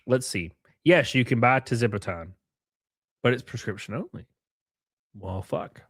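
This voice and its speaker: A man's voice: medium pitch, lively intonation, measured pace, slightly rough, dry recording, studio quality. A young man hosting a casual live stream, reading viewer comments and joking crudely with frequent laughs. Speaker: livestream host.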